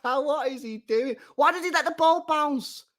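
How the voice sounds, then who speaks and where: A young man hosting a live football watchalong, reacting to the match, talking to his chat and bursting into shouts and laughter. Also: extremely high pitch, measured pace. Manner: excitable, bursts into shouts and laughter, chats to viewers.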